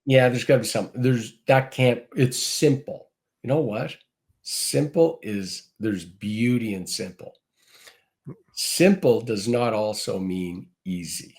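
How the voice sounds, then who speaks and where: A man's voice: mid-range voice, slow, a little mellow. A man being interviewed as a gratitude speaker, earnestly telling a story and acting out the quoted dialogue. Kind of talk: interview answers.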